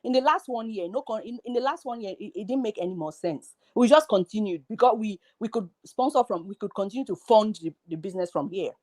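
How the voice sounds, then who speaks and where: A guest on an online panel speaking earnestly, with halting speech and fillers. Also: mid-range voice, lively intonation, darkish tone, dry recording. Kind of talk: casual live-stream talk.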